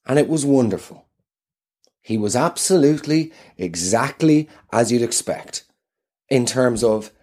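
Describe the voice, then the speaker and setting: An Irish man launches into a sardonic comic rant, his voice swinging up and down in pitch. He sits at a middle pitch and keeps a loose monologue rhythm full of asides and rhetorical questions. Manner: animated, ranting, sardonic. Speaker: comedian and show host. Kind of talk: comedic monologue.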